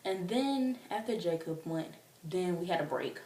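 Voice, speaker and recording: A young woman telling a story casually as a vlogger, excitable and chatty with lots of fillers. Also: lowish voice, measured pace. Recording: roomy, distant from the mic.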